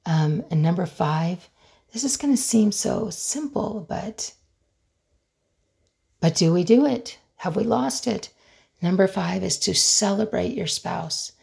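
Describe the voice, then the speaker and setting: A middle-aged woman hosting a solo podcast as a conflict resolution expert, speaking in an earnest, emphatic way with dramatic pauses. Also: medium pitch, animated, vocal fry, a little mellow, husky.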